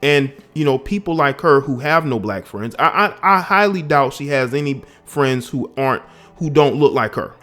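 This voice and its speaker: A man's voice: mid-range voice, animated, moderate pace, a bit bright, soft background music. A man from the American South giving emphatic, indignant political commentary on his own vlog, often restarting his phrases.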